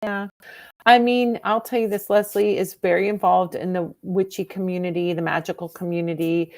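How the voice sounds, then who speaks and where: A woman with a lowish, gravelly voice hosts a casual livestream tarot reading. She talks in a chatty, encouraging way as she gives advice. The sound is dry and close. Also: steady tone, normal speed, no room sound. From California. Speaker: tarot reader, host.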